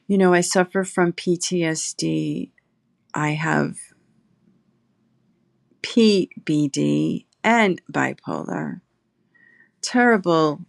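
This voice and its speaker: A middle-aged woman, a guest in recovery, telling her personal story slowly and reflectively, pausing often. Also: sits low, vocal fry, no room sound, studio quality. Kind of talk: emotional personal testimony. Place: her apartment.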